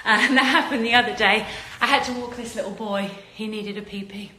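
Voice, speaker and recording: Woman host, slightly breathless, bright high voice, phone livestream in an echoey room. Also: a little fast. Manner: warm, chatty, calls viewers darling. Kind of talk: casual live chat.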